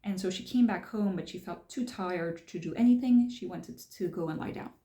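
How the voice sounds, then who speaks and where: A woman's voice: on the low side, moderate pace, warm tone. A woman casually talking through a book she is reading, explaining it step by step as she thinks aloud. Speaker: channel host discussing a self-help book. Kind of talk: casual spoken book commentary. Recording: roomy echo.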